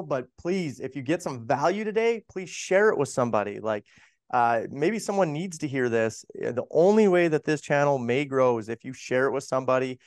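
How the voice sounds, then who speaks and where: A man's voice: mid-range voice, dry recording, studio quality. A man with a North Dakota accent hosting a podcast, enthusiastic and full of "um" and "guys". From North Dakota, USA. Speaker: podcast host.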